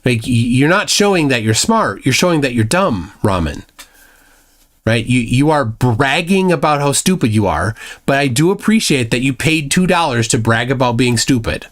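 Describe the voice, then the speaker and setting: A man hosts a live stream in a casual chat style, reading out viewer messages one after another. His voice swoops up and down with a lively, animated pitch. He drops mocking, lecturing remarks between the messages. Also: normal speed. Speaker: livestream host.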